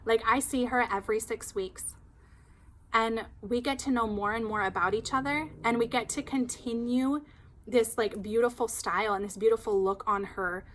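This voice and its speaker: Woman hairstylist, higher voice, chatty and animated, casual storytelling. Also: normal speed, slight background noise. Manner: chatty, animated, heavy use of "like".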